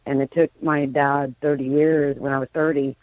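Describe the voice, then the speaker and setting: This psychic medium, a woman in her fifties, calls into a radio phone-in and rambles through her stories, often starting sentences over. Her voice is very deep with little pitch movement, and she speaks at normal speed. The telephone line is tinny, with no room sound.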